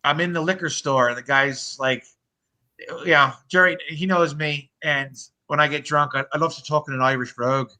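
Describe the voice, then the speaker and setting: Podcast co-host, man, thirties, rambling and profane, bright and a bit high. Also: fairly even intonation, normal speed, poor audio. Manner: rambling storyteller, swears freely. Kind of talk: casual chat.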